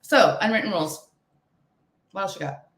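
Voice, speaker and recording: A woman's voice: medium pitch, animated, moderate pace, fairly bright tone, echoey room. A middle-aged woman co-hosting a podcast, laid-back and wry in casual chat. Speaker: podcast co-host.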